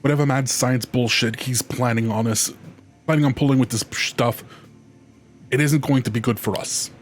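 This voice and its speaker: A man's voice: mid-range voice, fairly even intonation, moderate pace, soft background music, close to an everyday voice. A man voicing a blunt, determined male shadowrunner team leader in a video game, reading the lines close to his own voice. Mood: grim. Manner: reads dialogue in a near-natural voice, with restarts.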